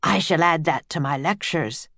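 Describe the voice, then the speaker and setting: A woman's voice: sits low, moderate pace, a bit bright, no echo. A woman reading aloud, voicing an earnest, lecturing older male professor. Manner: grand, lecturing, addresses children as "my dear".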